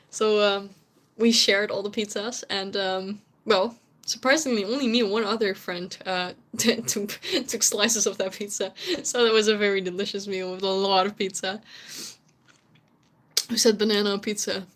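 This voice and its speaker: A woman's voice: medium pitch, fairly even intonation, normal speed. A young Dutch woman, whose first language is Dutch, chatting casually with viewers on a stream, laughing often and sometimes searching for English words. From Netherlands.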